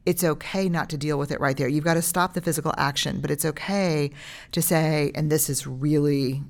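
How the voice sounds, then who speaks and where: A woman's voice: deep voice, fairly even intonation, normal speed. A woman in her forties talking casually as a podcast guest, animatedly acting out what she would say to a child. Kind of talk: casual parenting chat.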